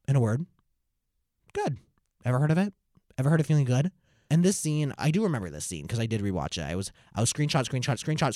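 A young man telling a comic story in a camp, dramatic way, with slow, deliberate delivery. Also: on the high side, darkish tone, no echo, studio quality. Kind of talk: comic monologue.

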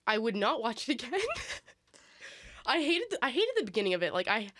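A woman's voice: on the high side, big pitch swings, normal speed, a bit bright, no room sound, clean studio sound. A young woman co-hosting a casual chat, talking in a rambling, self-deprecating way. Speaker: co-host.

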